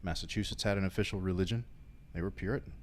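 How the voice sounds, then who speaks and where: A man's voice: sits low, fairly even intonation, fast, slight background noise. A man co-hosting a casual political talk show, explaining history at length with frequent filler words. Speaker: co-host.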